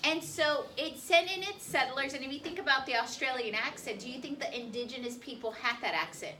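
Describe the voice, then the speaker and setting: A high-pitched, sharp-toned woman runs a history lesson in a school classroom, quizzing her students with question after question. The distantly recorded audio has a little noise.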